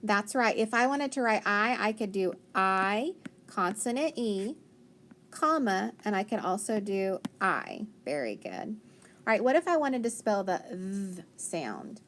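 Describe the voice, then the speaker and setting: Woman teacher, slow unhurried delivery, encouraging tone, phonics lesson for kids. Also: medium pitch, sing-song, a bit bright, a little hiss or hum. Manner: patient, encouraging, sounds words out slowly. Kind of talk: phonics lesson for young children.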